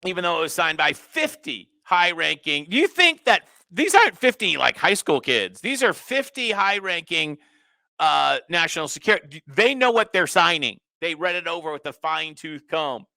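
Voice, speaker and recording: Sarcastic, animated male commentary host. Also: on the high side, moderate pace, gravelly, no echo. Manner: sarcastic, reads quotes aloud with mocking asides. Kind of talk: political commentary monologue.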